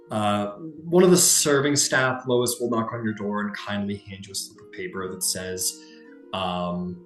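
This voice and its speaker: A man narrating a tabletop game as game master, rambling with many fillers. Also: fairly low pitch. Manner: rambling, lots of "like" and "um". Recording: echoey room.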